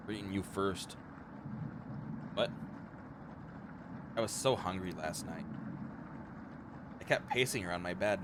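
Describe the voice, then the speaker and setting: A man's voice: sits low, slow pace, long pauses, very noisy. A man streaming a horror visual novel, reading its text aloud and breaking off into sarcastic, profane commentary, with game music playing behind him. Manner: sarcastic, swears often.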